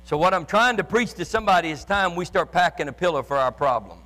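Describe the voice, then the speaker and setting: A man preaching with fervor in a very high, piercing voice, often rising to a shout and tripping over repeated words as he pushes on. His sermon carries a long reverb, as if it fills a large church sanctuary. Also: animated, quick pace. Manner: impassioned preaching, often shouting, with stammered restarts. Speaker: pastor. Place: church sanctuary with live and online congregation.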